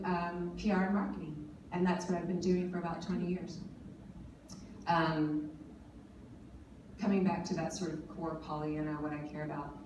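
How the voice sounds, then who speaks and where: A woman in her forties giving an earnest personal speech at a forum, talking with many fillers and restarts. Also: on the low side. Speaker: panel speaker. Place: large conference hall. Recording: distant mic in an echoey hall with noise.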